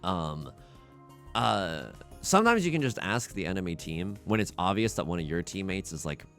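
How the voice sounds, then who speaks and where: A man's voice: deep voice, very animated, normal speed, a bit bright. A man hosting a Let's Play, giving chatty, rambling gameplay commentary full of restarts and laughs. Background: faint game music.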